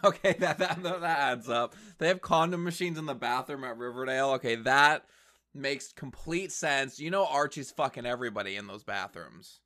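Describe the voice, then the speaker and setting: A man's voice: mid-range voice, moderate pace, bright, forceful tone. A man giving chatty, wisecracking commentary while watching a show and talking back at the screen. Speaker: reaction commentator. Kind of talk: casual commentary over a show.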